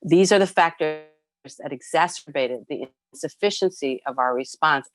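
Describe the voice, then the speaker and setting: A woman's voice: deep voice, normal speed, soft background music. A woman, a nurses' union president giving earnest, emphatic prepared testimony at a public hearing. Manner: earnest, emphatic, reads a prepared statement with stresses and repeats.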